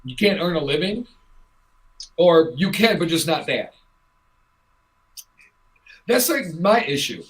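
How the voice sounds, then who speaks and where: This talk-show host, a transgender woman, has a fairly low voice and speaks slowly, pausing often, on a low-quality recording. Her casual chat is frank and animated, driven by rhetorical questions.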